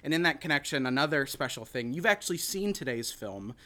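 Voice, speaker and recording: A man's voice: a little high, expressive, brisk, a crowd in the background. A man hosting a podcast, chatting casually in a rambling, joking way with many restarts. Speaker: podcast host. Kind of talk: casual chat.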